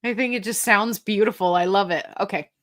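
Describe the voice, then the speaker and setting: A woman's voice: medium pitch, brisk. Chatty woman reading out live chat. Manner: chatty and goofy, reads comments aloud, plays with voices. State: getting tired. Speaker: host answering live chat questions. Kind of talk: casual livestream chat.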